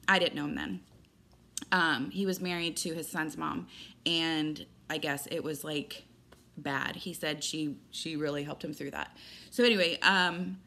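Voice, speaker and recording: A woman's voice: fairly low pitch, pushed and bright. A woman vlogging from home in a casual chatty way, rambling with lots of fillers and restarts. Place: indoors at home.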